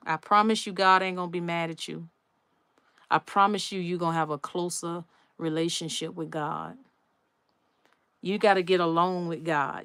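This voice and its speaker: Emphatic woman live-streaming, smooth low voice. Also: a bit bright, no echo. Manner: emphatic, repeats herself, addresses viewers as "y'all". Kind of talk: casual live-stream talk.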